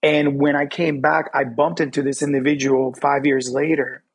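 A young adult man from Fort Lauderdale, telling personal stories as an interview guest in quick, animated bursts. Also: medium pitch, slightly rough. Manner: animated, quick bursts, acts out quoted voices. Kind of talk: candid personal storytelling.

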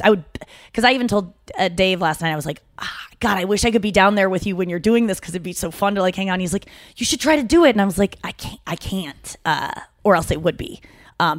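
A woman's voice: on the low side, brisk, no room sound, clean studio sound. Rambling, chatty woman podcast host. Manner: rambling, animated storytelling with self-interruptions. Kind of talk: casual chat.

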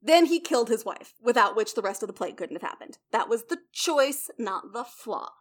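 A woman's voice: a little high, normal speed. A young adult woman hosting a casual explanatory talk, chatty, blunt and swearing now and then. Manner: chatty, swears, lively emphasis.

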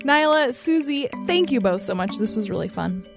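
A woman's voice: a little high, animated, normal speed, over music. A woman in her late thirties hosting a podcast, chatting casually with lots of fillers and laughter. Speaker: podcast host. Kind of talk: casual chat.

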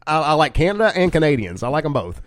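A man's voice: a little high, very animated, fast, dry recording, studio quality. A man hosting a comic news podcast, reading headlines with chatty, jokey asides while groggy from cold medicine. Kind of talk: casual comic news chat.

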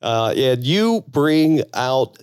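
A man's voice: medium pitch, big pitch swings, drawn-out words, clean tone, no echo, clean studio sound. A man co-hosting a podcast, talking in a rambling, earnest way and repeating words as he goes. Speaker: podcast co-host. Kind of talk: casual podcast chat.

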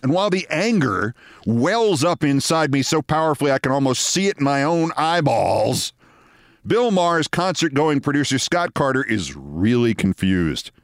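An older man in his sixties spins a wry, theatrical anecdote as host, his pitch swinging lively up and down. The recording is dry and close, with no room around him. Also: moderate pace, dry recording. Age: 60s. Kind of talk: personal storytelling.

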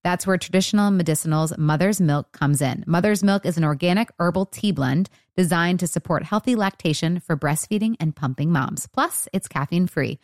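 A woman reads a sponsor message in a bright, brisk, upbeat way. Her voice sits a little low, and the recording is dry and close. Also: dry recording. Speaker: ad reader. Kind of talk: upbeat scripted ad read.

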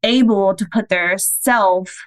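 A woman in her thirties speaks as a podcast guest, telling a personal story with casual earnestness. She acts out the lines of the people she quotes. Her voice sits at an ordinary pitch and sounds dry and close, with no room around it. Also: takes it slowly, no room sound, rough recording.

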